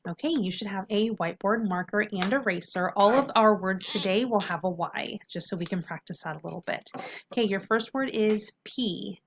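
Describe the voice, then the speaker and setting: A woman teaches a phonics lesson to young students in a friendly, encouraging way. She slows right down to sound out each syllable and then says the whole word. Her pitch sits in the middle for a woman. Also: slight background noise. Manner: slow, drawn-out syllables when sounding out words.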